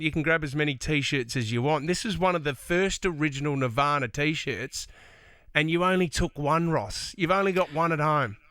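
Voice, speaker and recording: A man's voice: on the high side, pushed and bright, smooth, no room sound. A man hosting a radio show, interviewing a guest with upbeat enthusiasm. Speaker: radio host.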